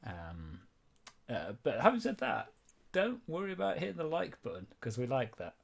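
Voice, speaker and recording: A man's voice: mid-range voice, wildly swooping pitch, moderate pace, vocal fry, husky. A man running a tabletop game, chatting and recapping in a rambling, hesitant way and laughing often. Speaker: game master. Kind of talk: casual chat and game recap.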